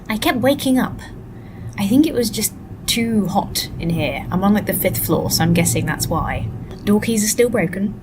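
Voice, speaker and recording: A tired woman vlogging casually from a hotel room into a laptop webcam, rambling and soft-spoken, sometimes drifting into whispers. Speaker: vlogger and actor. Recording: noisy low-quality webcam audio.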